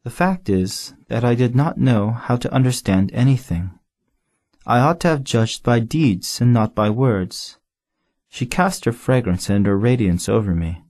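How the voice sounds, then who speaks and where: A man's voice: medium pitch, lively intonation, unhurried, a little mellow. A man reading as an earnest young prince. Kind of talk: audiobook character voice.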